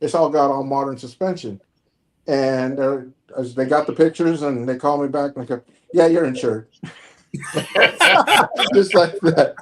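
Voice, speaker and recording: A man's voice: medium pitch, measured pace. A middle-aged man casually telling a long story in a group chat, acting out each side of the conversations he recounts. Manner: animated anecdote telling, acts out both sides of conversations. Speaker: car collector guest. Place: home, online group stream.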